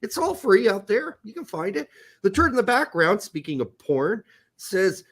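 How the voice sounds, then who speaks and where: A man's voice: high voice, big pitch swings, moderate pace, a bit bright. A man hosting a podcast, trading crude, profane jokes and laughing often in casual banter. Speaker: podcast host.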